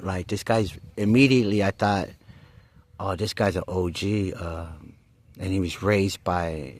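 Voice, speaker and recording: A man with a fairly low voice recounts a personal story in loose, casual speech. He keeps restarting sentences and repeating "he goes", dropping streetwise slang as he goes. The sound is dry and close, with no room around it. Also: no room sound.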